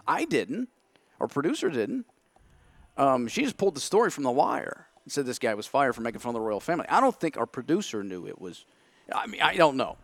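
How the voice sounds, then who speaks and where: A man's voice: mid-range voice, big pitch swings, fairly quick, dry recording. A man telling a story in casual chat, acting out his own past thoughts. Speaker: podcast guest.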